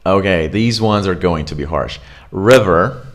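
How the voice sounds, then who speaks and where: A man teaching English pronunciation in an online accent lesson, repeating example words slowly and chatting casually with fillers. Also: low-pitched.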